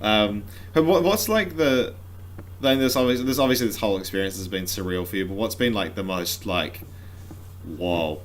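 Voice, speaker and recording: A man's voice: fairly low pitch, brisk. A man hosting a podcast, asking rambling questions full of fillers. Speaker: podcast host. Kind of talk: casual chat.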